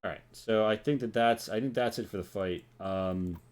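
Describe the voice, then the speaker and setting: Low-voiced rambling game master man. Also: moderate pace. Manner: rambling, many fillers. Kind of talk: narrating a tabletop game.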